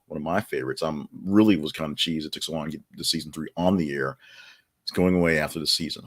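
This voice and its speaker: A man with a very low, deep voice talks through the day's headlines in a loose, rambling way. He fills gaps with ums and uhs and drops in wry asides as a podcast host. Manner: rambling and chatty, many fillers, wry asides. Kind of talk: casual news commentary.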